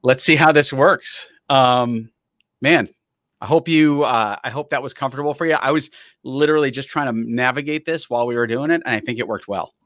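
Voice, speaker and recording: A man's voice: mid-range voice, a bit bright. A chatty male podcast host, swapping stories with an easy laugh. His voice sits mid-range with a dry, close sound and no room echo. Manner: chatty, anecdotal, quick to laugh. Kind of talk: casual interview chat.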